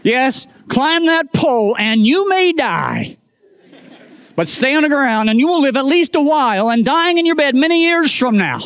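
A man's voice: very high-pitched, big pitch swings, moderate pace, a bit bright, voice pushed up, heavily acted. A man voicing a rousing warrior chief giving a declamatory battle speech to his men.

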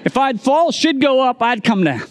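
A man voicing a scared, stubborn grown man who flatly refuses to climb. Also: very high-pitched, moderate pace, in a large hall, pitched above the performer's own voice.

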